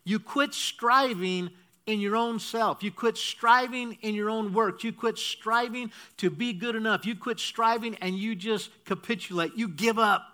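Unhurried and sharp in tone, with a voice that sits high, this male pastor teaches his congregation a point in stages. He has them repeat and keeps asking "okay?" to check they're following.

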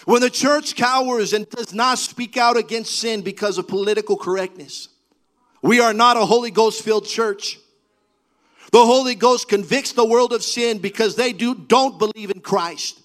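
A man preaching a sermon, building to fervent, half-sung cries, then dropping to a low, earnest delivery. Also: moderate pace, hardly any pauses, poor audio. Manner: preaching with rising, shouted fervor. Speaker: pastor.

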